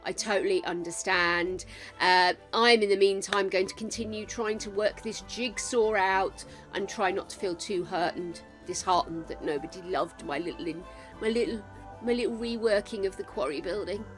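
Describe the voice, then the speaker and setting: Faint music plays behind an older woman live-streaming a game, her medium-pitched voice at normal speed. Chatty and casual, she keeps calling her viewers darlings and gorgeous ones.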